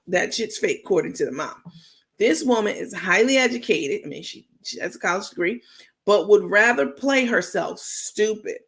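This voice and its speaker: Host: New York woman, gravelly, loose slangy gossip talk. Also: mid-range voice. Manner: chatty, drawn-out, slangy, full of fillers. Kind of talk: gossip commentary stream.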